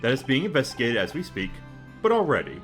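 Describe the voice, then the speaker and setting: A man voicing a stern, imposing older chief justice, attempting a British accent in a formal, measured manner. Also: mid-range voice, wildly swooping pitch, a bit bright, faint music behind. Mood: grave.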